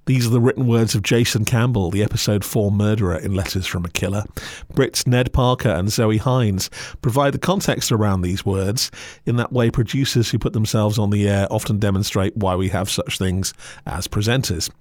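A man's voice: fairly low pitch, steady tone, normal speed, darkish tone, dry recording. A man reviewing podcasts in a scripted, sardonic way, full of dry asides.

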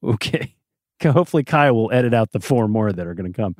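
A man's voice: fairly low pitch, lively intonation, fairly quick, a little mellow, no room sound, studio quality. A man co-hosting a podcast in casual chat, opinionated and sarcastic. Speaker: podcast co-host.

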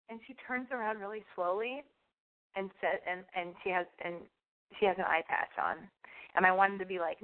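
A young woman telling a rambling personal story in a blunt, profane, animated way, her voice wearing out. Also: mid-range voice, brisk. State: losing her voice. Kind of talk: casual anecdote monologue. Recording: tinny phone-like sound.

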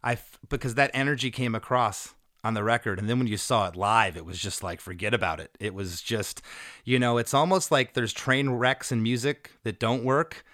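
An energetic man hosts a relaxed music conversation, picking apart a song section by section. He quotes lyrics in playful voices and sounds close and dry on the mic. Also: mid-range voice, moderate pace, dry recording. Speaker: podcast host. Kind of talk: casual music chat, breaking down a song.

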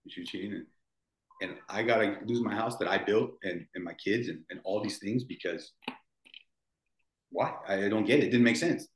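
A man in his forties tells his story as a podcast guest, rambling and restarting his sentences as he goes. His voice sits on the low side. The room has a noticeable echo around him. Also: moderate pace. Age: 40s. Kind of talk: emotional storytelling. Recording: roomy echo.

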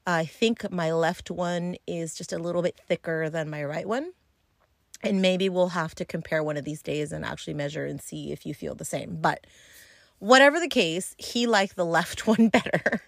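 Woman host telling a story solo, bluntly and with profanity, lowish voice, dry close sound. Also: normal speed, creaky, no room sound. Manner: blunt, profane and chatty, with many fillers. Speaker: podcast host.

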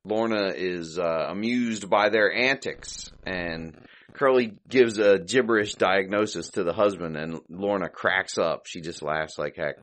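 A man's voice: low-pitched, measured pace, fairly bright tone. A man hosting a podcast, casually recapping an old comedy short, chuckling and thinking aloud as he goes. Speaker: podcast host.

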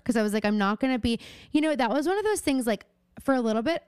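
A woman's voice: a little high, big pitch swings, a little fast, clean tone, no room sound, clean studio sound. Chatty young woman podcast co-host. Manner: chatty, rambling, lots of fillers and giggles. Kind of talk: casual chat.

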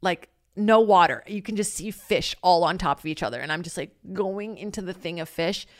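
A woman's voice: on the low side, moderate pace, dry recording. Chatty young woman, dry close sound. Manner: chatty, rambling, full of "like", laughs often. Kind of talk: casual storytelling chat.

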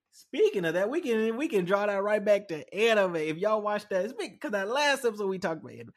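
Young man, podcast host, casual rambling chat, slightly high voice, lots of fillers. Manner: rambling storytelling with many fillers and restarts.

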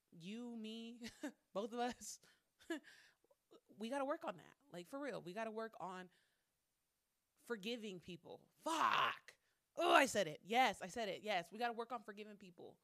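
A medium-pitched woman, recorded with no echo, addresses her viewers in a casual to-camera monologue. Cursing freely and laughing between lines, she keeps circling back to the same phrases while venting her anger.

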